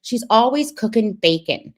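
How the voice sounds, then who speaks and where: A woman's voice: a little high, lively intonation, moderate pace. A young woman hosting a stream, reacting to a clip with sarcastic, gossipy commentary and greeting her viewers. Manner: sarcastic and critical.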